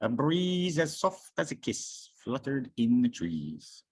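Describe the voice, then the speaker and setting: A reader telling a picture book aloud in a slow, expressive way, voicing sound effects along the way. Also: medium pitch, a little hiss or hum. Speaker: storybook reader. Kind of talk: storybook read-aloud.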